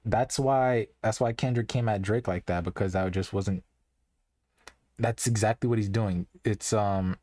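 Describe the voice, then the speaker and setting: A man's voice: on the low side, steady tone, measured pace, dark tone, dry recording. A young man talking to his live-stream chat in a loose, earnest way, rambling and restarting often with lots of "like". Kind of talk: casual live-stream commentary.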